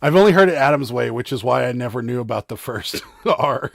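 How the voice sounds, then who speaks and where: A man's voice: mid-range voice, lively intonation, fairly quick, gravelly, a crowd in the background. A man co-hosting a livestream in casual chat, joking and laughing often as he teases his partner. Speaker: co-host of a reseller livestream.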